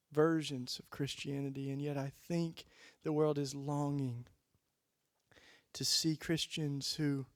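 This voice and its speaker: A man giving an impassioned keynote sermon, telling stories and building to loud emphatic peaks before dropping low and quiet. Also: dry recording, studio quality. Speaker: keynote speaker. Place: conference hall.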